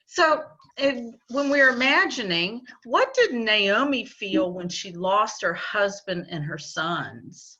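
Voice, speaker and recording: A woman teaching a children's Bible lesson on a video call, gently coaxing the kids and repeating her questions. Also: mid-range voice, lively intonation, takes it slowly, hardly any pauses. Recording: dull lo-fi video call audio.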